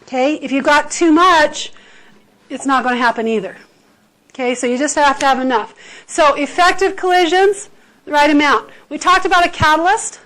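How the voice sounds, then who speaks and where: A woman's voice: high-pitched, fairly bright tone, low-quality recording. A woman teacher giving a chemistry lecture to a class, explaining with everyday comparisons and checking in with "okay?". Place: high school classroom.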